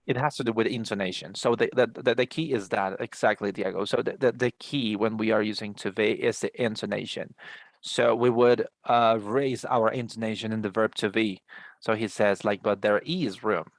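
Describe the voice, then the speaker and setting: A man's voice: fairly low pitch, fairly even intonation, normal speed, no room sound. A man teaching an English lesson over a video call, explaining at length with frequent restarts and calling the students "guys.". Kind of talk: online class explanation.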